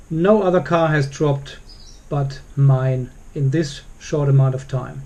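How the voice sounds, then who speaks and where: A man's voice: fairly high pitch, fairly even intonation, a little slow, a little mellow. Exasperated man ranting to camera. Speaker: car vlogger. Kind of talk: casual vlog to camera. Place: home carport, outdoors.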